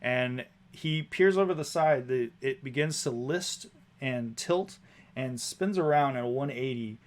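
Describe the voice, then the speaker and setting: A man's voice: medium pitch, measured pace. A man narrating a tabletop game as game master, describing scenes with casual fillers.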